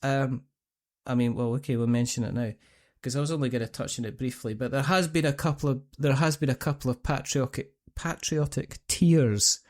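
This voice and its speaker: With a mid-range, steady and slightly mellow voice, this middle-aged Scottish podcast host talks briskly. His casual chat wanders through stories in a rambling, talkative style, and he often starts sentences over.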